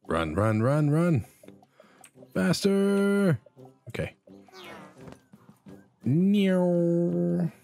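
A man hosting a casual let's play, commenting on a silly game and jumping into high excited yelps. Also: extremely slow, creaky, pauses often. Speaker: gaming channel host.

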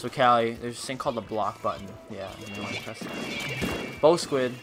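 A man's voice: medium pitch, normal speed, music in the background. A man streaming and commentating a video game live in a playful, joking, rambling way.

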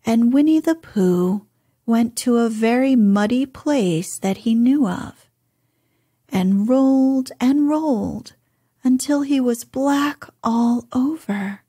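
A woman reading a bedtime story in a soft, hushed whispered role-play. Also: a little high, breathy edge, no echo, studio quality.

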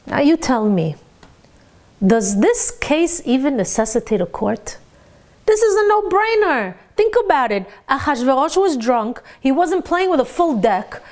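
A middle-aged woman gives a lively Torah lecture in a fairly high voice. Her pitch swings widely as she asks rhetorical questions and weaves Hebrew terms into the teaching. She sounds animated throughout. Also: a little slow.

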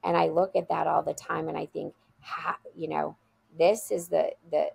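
A woman guest on an interview show speaks with a fairly low voice and plenty of vocal fry. She tells her story in an earnest, heartfelt way. She sounds like she is talking over a video call. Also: little pitch movement, normal speed, darkish tone, dry recording. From USA. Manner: earnest, heartfelt anecdote-telling. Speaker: school leader, guest.

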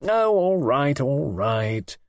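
A man's voice: mid-range voice, sing-song, slow pace, dry recording, clean studio sound, pitched above the performer's own voice. A man reading an audiobook and voicing a petulant, spoiled young wife in a coaxing, sulky, lightly raised voice. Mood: resentful.

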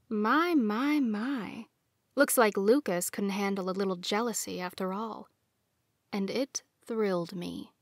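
A woman narrating a romance audiobook in first person, reading in a measured way. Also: mid-range voice, fairly bright tone, dry recording, clean studio sound.

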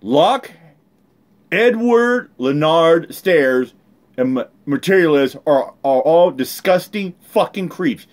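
A man with a fairly high voice delivers angry reaction commentary. He rants in a heated, profane way, breaking off his points to vent. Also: animated, takes it slowly. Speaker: online commentator.

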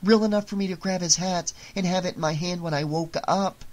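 A woman's voice: on the low side, steady tone, fairly quick, pitched above the performer's own voice, natural voice. A narrator voicing a defiant, frightened teenage girl in an audiobook, speaking urgently and accusingly. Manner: urgent, accusing, shouting at times. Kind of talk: audiobook character reading.

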